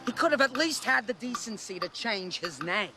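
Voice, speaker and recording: An actress playing the wife's haughty companion, who talks in a sarcastic, superior manner. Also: female voice, on the high side, expressive, moderate pace, music in the background, lightly acted. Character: haughty, sarcastic woman friend of the wife. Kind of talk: TV sketch comedy acting.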